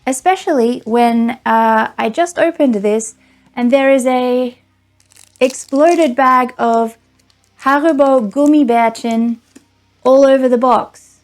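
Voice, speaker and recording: A woman's voice: sits high, slow pace, darkish tone, faint music behind. A woman doing a casual unboxing vlog, sarcastic and exasperated, often laughing. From Australia. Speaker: vlogger.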